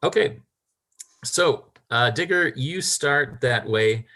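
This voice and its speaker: A man's voice: mid-range voice, lively intonation, takes it slowly, bright, forceful tone. A man narrating a tabletop game as game master, rambling with lots of fillers and small laughs.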